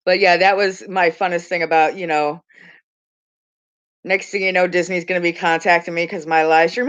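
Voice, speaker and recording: A woman's voice: fairly low pitch, normal speed, pauses often, dull audio. A middle-aged woman, a mother, chatting casually on her live stream. She tells stories with lots of giggles and acts out the voices of the people in them. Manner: chatty storyteller, giggles often, mimics voices.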